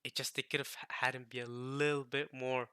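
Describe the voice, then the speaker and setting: A man's voice: medium pitch, little pitch movement, a little fast, bright, forceful tone, smooth, dry recording. A man vlogging, giving an emphatic, rambling opinion rant in casual talk. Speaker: anime vlogger.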